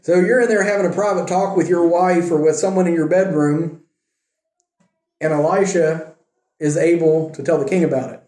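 A man's voice: a little high, fairly even intonation, normal speed, darkish tone, reverberant. A man teaching a casual Bible lesson, retelling a scripture story in a conversational way with wry asides.

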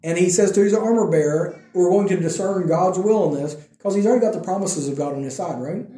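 A man giving a conversational sermon, telling a Bible story with animated delivery and acting out the quotes. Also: high-pitched, reverberant. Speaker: preacher.

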